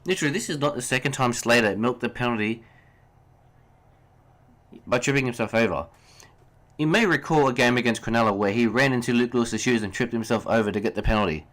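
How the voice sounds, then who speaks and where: A man's voice: mid-range voice, fairly quick, long pauses, fairly bright tone. A young man hosting a solo sports podcast, ranting heatedly about referees, swearing and then apologizing. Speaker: podcast host.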